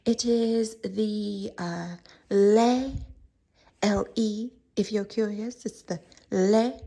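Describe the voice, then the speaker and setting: Fancy-restaurant waiter, smooth and formal, gravelly edge, a woman doing the voice. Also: medium pitch, fairly even intonation, extremely slow, mellow, heavily acted. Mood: polite. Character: polished upscale restaurant waiter.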